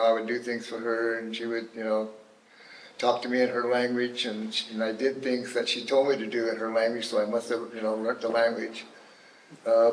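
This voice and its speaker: A tribal elder in his seventies from Northern California giving a plain-spoken, unhurried personal testimony with many pauses and fillers. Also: medium pitch, reverberant, slight background noise, low-quality recording. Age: 70s.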